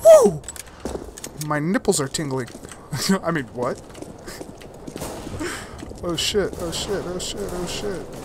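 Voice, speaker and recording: A man giving live commentary on his own shooter game, excitable and self-mocking, who breaks into sudden whoops and cheers. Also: fairly high pitch, takes it slowly, pauses often, heavy background noise. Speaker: gaming YouTuber. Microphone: desktop USB microphone. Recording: game gunfire loud behind voice. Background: shooter game gunfire and effects.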